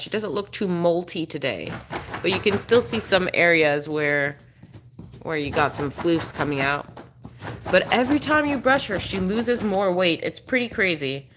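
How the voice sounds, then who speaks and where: A woman with a low-leaning voice chats casually on a live stream from indoors at home. Between comments she sweet-talks her dog in a sing-song way, with some background noise in the mix.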